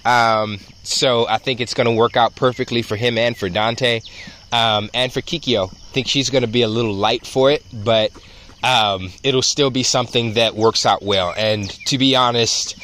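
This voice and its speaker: A man teaching dog training outdoors, explaining in a relaxed way with frequent ums and restarts. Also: medium pitch, moderate pace, a little hiss or hum. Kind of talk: casual outdoor instruction.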